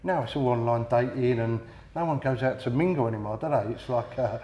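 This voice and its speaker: A man's voice: mid-range voice, brisk, dark tone. A man hosting a podcast interview, putting in short agreements and asking questions in a casual way. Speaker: podcast host. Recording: echoey room.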